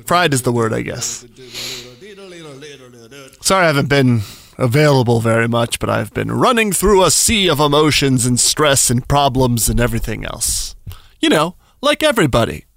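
A man's voice: medium pitch, very animated, moderate pace, vocal fry, a bit bright, no echo. A man hosting a morning radio show, talking in an emotional, rambling way with sighs. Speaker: radio host. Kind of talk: casual morning radio chat.

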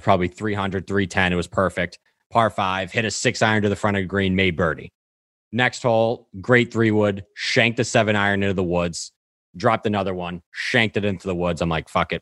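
A man in casual conversation, recounting a round in clipped, rapid-fire fragments. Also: fairly low pitch, fairly bright tone, dry recording, clean studio sound. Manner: rattles off shot-by-shot recaps in clipped fragments. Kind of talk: casual chat about golf.

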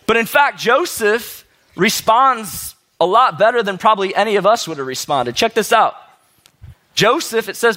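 A man's voice: sits high, lively intonation, normal speed, bright, forceful tone. A man preaching a sermon as a pastor, telling the story in a casual, conversational way.

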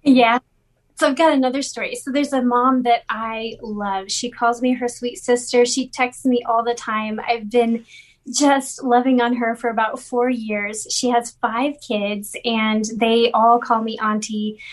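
A woman's voice: on the high side, fairly even intonation, measured pace. A woman from a refugee ministry, a guest in an interview, telling heartfelt stories with enthusiasm and frequent fillers. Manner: warm, enthusiastic storyteller with many fillers. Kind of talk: storytelling in an interview.

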